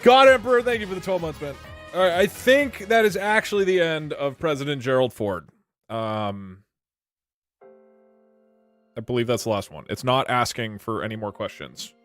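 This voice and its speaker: A man's voice: mid-range voice, normal speed, long pauses, a bit bright, soft background music. A young man hosting a stream, chatting casually and rambling through wry asides to his chat. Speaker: streamer host.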